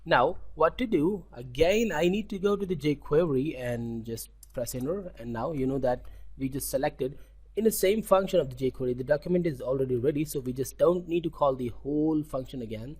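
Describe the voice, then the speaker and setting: Indian-accented man teaching code, halting. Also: on the high side, darkish tone, husky. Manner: halting, self-correcting, repeats words, frequent "okay?". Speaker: coding tutor. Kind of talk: screen-recorded coding tutorial.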